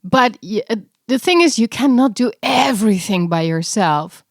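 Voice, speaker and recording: Lively young woman co-hosting a podcast. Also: on the high side, normal speed, dry recording, studio quality. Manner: chatty, laughs often, many restarts. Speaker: podcast co-host. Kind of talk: casual chat.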